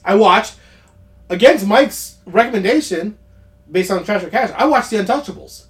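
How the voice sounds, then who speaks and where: A man co-hosting a podcast, chatting casually about movies, rambling with quick asides and frequent laughs. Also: high voice, lively intonation. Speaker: podcast co-host.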